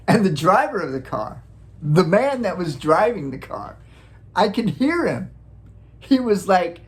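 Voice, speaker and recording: A man from Wisconsin casually telling a childhood story, animated, acting out sounds and chuckling often. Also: high voice, takes it slowly. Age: adult, looking back on childhood. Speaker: vlogger.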